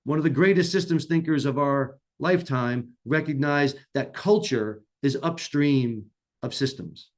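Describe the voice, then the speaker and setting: Male conference speaker, mid-pitched, earnest and emphatic, restarts phrases mid-thought. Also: a little slow. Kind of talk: conference talk.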